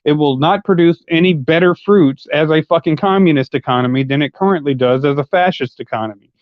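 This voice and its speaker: A combative man ranting on a livestream, swearing constantly and mocking as he argues. His voice sits a little high for a man. The audio is muffled and lo-fi, with a dry, close sound and no room echo. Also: brisk. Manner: combative, heavily profane; argumentative, mocking. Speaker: livestream commentator. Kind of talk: live-stream rant.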